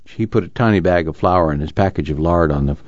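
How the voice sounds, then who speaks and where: A man reading a novel aloud in measured, expressive narration. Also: sits low, dry recording. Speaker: audiobook reader. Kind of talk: scripted narration. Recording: muffled, dry.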